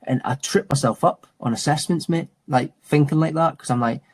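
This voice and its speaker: Speaking at normal speed in a fairly high, slightly rough voice, a man in his thirties talks casually in an interview. He works as a mountain and adventure training instructor, and his reflective chatter is full of "mate," restarts, and fillers.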